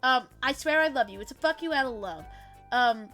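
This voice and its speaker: A woman's voice: high voice, lively intonation, normal speed, bright, forceful tone, soft background music. A woman VTuber streamer chatting casually while she plays, bubbly and playful, swearing freely as she greets her chat.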